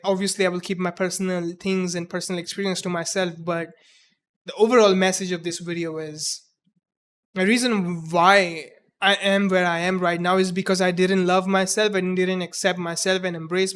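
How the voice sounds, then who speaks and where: A man in his twenties with a mixed Indian English accent, talking earnestly and haltingly in a personal reflective monologue, often restarting his words. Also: high-pitched, clean tone. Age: 20s. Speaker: vlogger.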